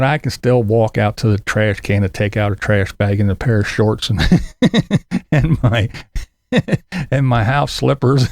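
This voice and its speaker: A man's voice: medium pitch, a little mellow, no room sound, studio quality. A middle-aged man from Pennsylvania hosting casual commentary, rambling and sarcastic, cursing offhandedly. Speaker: commentary channel host. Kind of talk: casual commentary on other creators.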